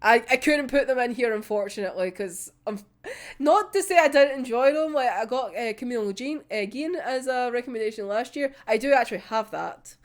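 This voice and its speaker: Young female vlogger with a slightly high voice. Loose, chatty, quick to laugh, drops a swear word now and then. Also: animated. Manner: uses local words like wee and yous. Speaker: YouTube creator. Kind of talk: casual vlog chat to viewers.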